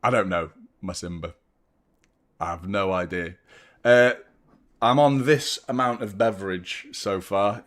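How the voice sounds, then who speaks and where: A young man hosting a football watchalong stream, chatting casually, rambling and joking while reading out viewer shout-outs. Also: fairly low pitch, animated, a little slow, pauses often. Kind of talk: casual live-stream chat.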